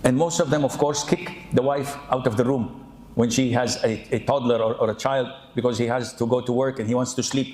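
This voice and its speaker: A man preaching an animated, humorous sermon, often acting out the people he quotes. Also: mid-range voice, a little fast. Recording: echoey room.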